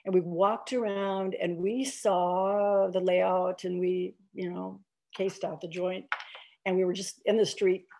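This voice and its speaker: A woman's voice: lowish voice, flat delivery, takes it slowly, dark tone. An older woman giving an author talk over a video call, telling anecdotes in a chatty way with many fillers and restarts. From Iowa, United States.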